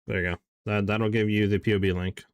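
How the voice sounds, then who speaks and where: A man's voice: lowish voice, flat delivery, fast talker, clear, resonant tone, no room sound. A man streaming a game live, chatting casually in a rambling way with lots of fillers as he answers chat.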